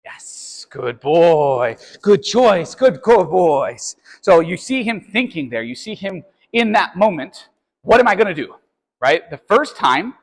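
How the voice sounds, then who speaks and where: A man's voice: sits high, a bit bright, big-room sound, rough recording. A man who trains dogs, explaining obedience step by step and checking in with "right?" and "okay?". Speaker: dog trainer. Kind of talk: instructional training video.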